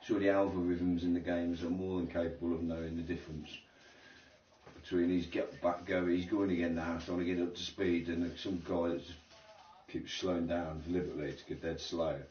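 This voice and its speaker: A deep-voiced, middle-aged man chats away while playing a racing game, full of slang and casual swearing. His talk wanders from point to point. The sound is roomy and slightly dull, as if from a home setup. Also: level tone, brisk, far from the mic. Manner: rambling, slangy, swears freely. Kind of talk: casual chat while gaming.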